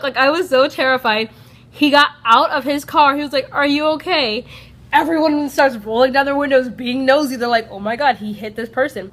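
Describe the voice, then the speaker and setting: A young American woman vlogger chats through a personal story in casual storytime fashion. Her fairly high, slightly bright voice is peppered with "like," and she acts out what other people said.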